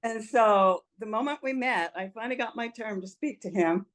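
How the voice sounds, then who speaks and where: An older woman with a fairly high voice and moderate pace gives personal testimony in an interview conversation. Earnest and emotional, she laughs frequently while telling her story.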